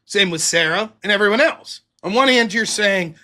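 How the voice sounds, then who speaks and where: A man's voice: high voice, moderate pace, bright, forceful tone. A man hosting a commentary show, reacting with exasperated, incredulous, profane remarks.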